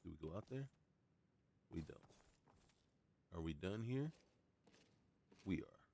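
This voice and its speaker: A man with a low, gravelly voice narrates his game session in a loose, chatty way. He mumbles quietly to himself as he loots, then jumps up with lively, animated outbursts. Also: slow, a little hiss or hum. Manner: talks to himself while looting, muttered asides and playful outbursts. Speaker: gaming YouTuber. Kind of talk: casual let's-play commentary.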